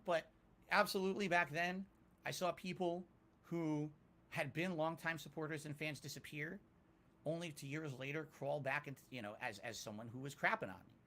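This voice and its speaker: A man answering interview questions candidly, self-critical and emphatic, rising to loud peaks. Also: a little high. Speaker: interviewee, YouTuber.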